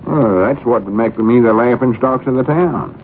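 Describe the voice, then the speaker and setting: An actor playing a slow-talking, easily embarrassed country storekeeper with a drawl, in 1940s radio comedy. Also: male voice, mid-range voice, slight background noise, natural voice. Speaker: general store keeper. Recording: tinny old radio broadcast recording.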